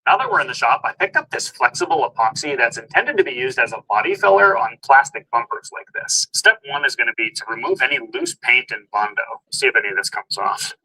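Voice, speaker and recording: A man explains a hands-on car project step by step, plain and upbeat. His voice is sharp and very bright, with a husky, raspy edge, and he keeps an easy, casual how-to manner. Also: medium pitch, wildly swooping pitch, a little fast, hardly any pauses, rough recording. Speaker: DIY car vlogger.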